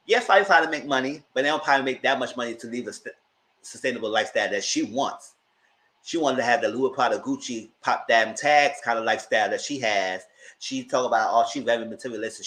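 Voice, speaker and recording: A man with a bright, forceful voice gives a casual live review of a reality TV episode. He talks in a chatty, emphatic way, speaking straight to his audience. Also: medium pitch, low-quality recording. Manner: chatty and emphatic, addressing viewers directly. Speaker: host reviewing a reality TV show.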